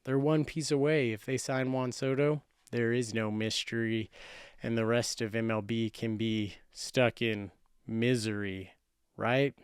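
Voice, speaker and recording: A man's voice: medium pitch, little pitch movement, unhurried, smooth, no echo, studio quality. Boastful male sports show host. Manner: boastful, playful, self-correcting. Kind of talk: casual sports commentary.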